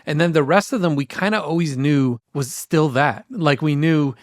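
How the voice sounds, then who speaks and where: A man in his forties co-hosts a podcast, chatting casually in a rambling, self-deprecating style with frequent laughs. His voice is on the high side and moves at a moderate pace. The studio sound is clean and dry.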